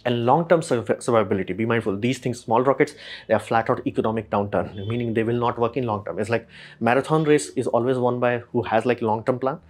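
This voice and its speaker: A man, casually explaining rocket industry news as a channel host and acting out quick imagined exchanges. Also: medium pitch. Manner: rapid, filler-heavy, acts out imagined dialogue.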